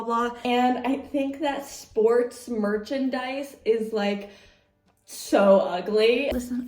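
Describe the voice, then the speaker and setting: A young woman chats about her crochet makes in a casual, upbeat way, filling her sentences with easy fillers. Her voice sits fairly high. The room around her sounds roomy and echoey. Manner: chatty, filler-heavy, upbeat. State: out of breath. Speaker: crochet vlogger. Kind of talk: casual chat.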